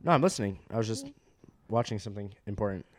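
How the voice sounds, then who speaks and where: A young man chimes in with short, teasing questions and jabs. His pitch moves in a lively way as he ribs the storyteller. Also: quick pace. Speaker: podcast co-host. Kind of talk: casual chat.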